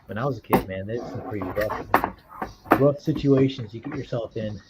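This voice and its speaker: A man chatting casually on his livestream while drawing, with relaxed offhand remarks. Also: medium pitch, normal speed. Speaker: streamer and artist. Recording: dull lo-fi streaming mic with faint noise.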